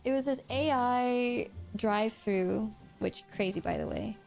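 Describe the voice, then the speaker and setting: A woman streaming while she plays a game, telling stories in a giggly, animated way, laughing often and swearing casually. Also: a little high, a little slow, vocal fry. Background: faint background music.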